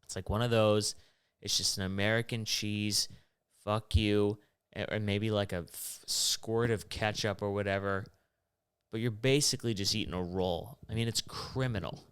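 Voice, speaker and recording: A young man hosting his own show, rambling through a profane, animated rant. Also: on the low side, moderate pace, clean tone, no room sound, studio quality. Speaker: podcast host. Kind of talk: rambling solo monologue.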